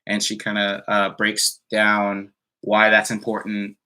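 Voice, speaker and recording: A man's voice: on the low side, completely flat delivery, slow, sharp tone. A man chatting casually on a live stream and answering viewer comments, rambling with many fillers and sounding a little tired. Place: indoors at home.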